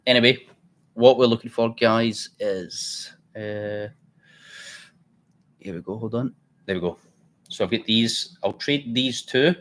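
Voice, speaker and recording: A man's voice: medium pitch, takes it slowly, long pauses, fairly bright tone. A man hosting a live trading stream, chatty and blunt, thinking aloud as he works. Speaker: trading livestream host. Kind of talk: casual live trading commentary.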